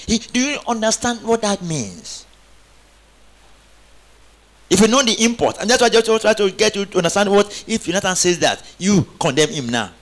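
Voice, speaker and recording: A man's voice: sits high, expressive, normal speed, fairly bright tone. A man preaching a sermon, calling on the congregation to answer back and rising into emphatic exclamations. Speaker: pastor.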